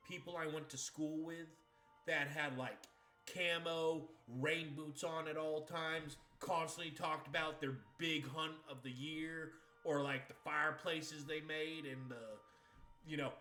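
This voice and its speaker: A young man from Maine rambles and laughs easily as he chats during a game stream, his New England accent tinged with a Southern drawl. His voice sits a touch high and sounds bright and forceful. The room is echoey, with faint game music behind him. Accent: New England with some Southern creeping in. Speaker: livestream gamer. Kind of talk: casual chat while streaming.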